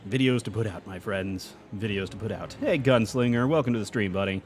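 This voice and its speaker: A man's voice: lowish voice, brisk. A young adult man streaming a game live, chatting casually, reading chat aloud and laughing often.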